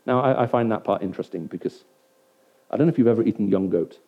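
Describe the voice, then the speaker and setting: Quick and gravelly with a breathy edge, a man's fairly low voice carries his sermon to a hall audience of roughly a hundred. He chats with them conversationally, often asking if it makes sense. The recording sounds dull and lo-fi.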